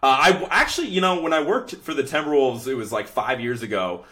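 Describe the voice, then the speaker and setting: Young male podcast host, mid pitch, exasperated ranting chat. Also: expressive, fairly quick, crowd noise. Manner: ranting, exasperated, laughs often. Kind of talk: casual sports podcast chat.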